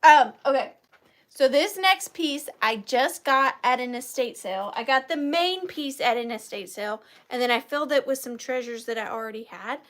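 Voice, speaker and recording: A woman's voice: high voice, lively intonation, moderate pace, fairly bright tone. A woman in her thirties hosting a live vintage sale, chatty and self-deprecating, easily moved to tears. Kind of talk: chatty live-stream selling.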